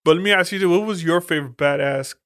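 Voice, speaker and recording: A man's voice: on the high side, fast talker, a bit bright. A man co-hosting a podcast, chatting about movies in a laid-back, profane casual chat. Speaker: podcast co-host.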